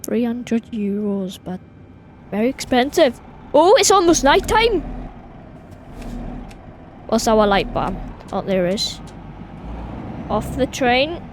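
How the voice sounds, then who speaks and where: High-voiced Welsh woman, chatty gamer. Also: slow, pauses often. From Wales. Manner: chatty, excitable, talks to viewers. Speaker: gaming video host. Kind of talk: casual gameplay commentary. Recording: game engine noise behind voice. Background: truck and vehicle sounds from game.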